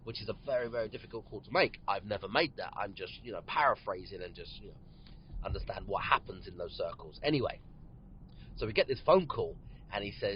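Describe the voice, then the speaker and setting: A man's voice: lowish voice, expressive, fairly quick. A man hosting a podcast from his car, telling a story in a rambling way with many ums and frequent yawns. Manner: rambling, many ums, yawning between phrases. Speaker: podcast host. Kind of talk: casual storytelling monologue. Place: inside a parked or moving car. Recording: dull lo-fi car recording, faint road noise.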